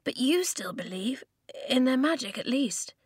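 An anxious young girl whispers urgently and eagerly, her hushed voice climbing higher, as a woman narrator puts her on. The sound is dry and close to the mic. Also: animated, measured pace, breathy edge, no echo, exaggerated voice. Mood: earnest.

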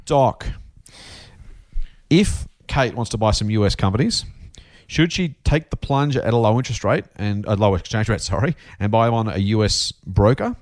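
A man's voice: on the low side, animated, moderate pace, a little mellow. A middle-aged Australian man co-hosting an investing podcast, chatty and enthusiastic as he reads listener questions. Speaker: podcast co-host. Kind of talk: casual investing podcast chat.

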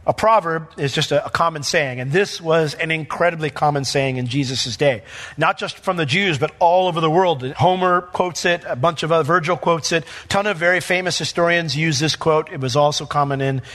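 An emphatic male pastor delivers a verse-by-verse sermon. His voice is bright and forceful and sits a little high. He stays animated as he explains the text. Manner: emphatic, animated, acts out quotes.

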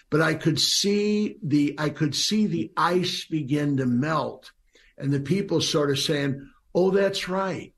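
A man, a churchman heard in an archive clip, recounting a story about his parish in an unhurried way. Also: a little high. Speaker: clergyman in archive interview. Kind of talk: recounted anecdote.

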